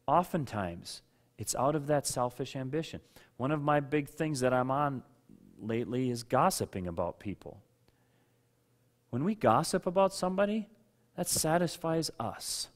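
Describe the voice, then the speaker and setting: A male pastor and father giving a sermon in a conversational way, asking questions of listeners by name and at times raising his voice for emphasis. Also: mid-range voice. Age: adult with children. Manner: conversational preaching, rising to loud rhetorical outbursts.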